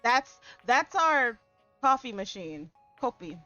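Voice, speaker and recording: Woman streamer, live game commentary, expressive, swears, unhurried pace, lively pitch. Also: highs cut off, faint music behind. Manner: expressive, swears often, laughs a lot.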